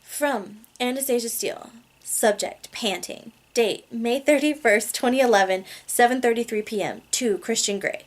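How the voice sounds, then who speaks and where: A woman's voice: a little high, moderate pace. A woman reading a romance novel aloud in a casual amateur way, laughing at her own slips. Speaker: reader.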